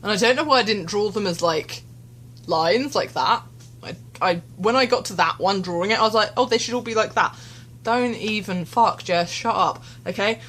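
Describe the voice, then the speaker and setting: A woman's voice: mid-range voice, moderate pace, a bit bright. A young woman vlogging candidly into her phone, rambling and self-deprecating, tearful and shaken. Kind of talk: candid confessional vlog. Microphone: phone camera.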